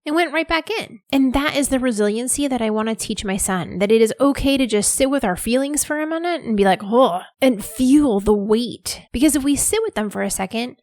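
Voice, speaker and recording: A woman's voice: fairly high pitch, a little mellow, no echo, studio quality. Candid, chatty woman podcast host. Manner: candid and chatty, many "like" fillers. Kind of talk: casual podcast monologue.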